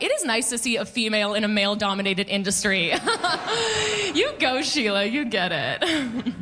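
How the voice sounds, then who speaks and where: A woman in her thirties performing a stand-up comedy set, telling stories with playful, animated delivery and mock voices. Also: a little high. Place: comedy club stage.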